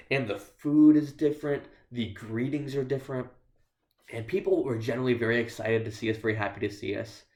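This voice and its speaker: This man's mid-range voice has a somewhat dark tone as he shares stories from the pulpit as a guest missionary. His humor is dry and self-deprecating, and the church room around him is echoey.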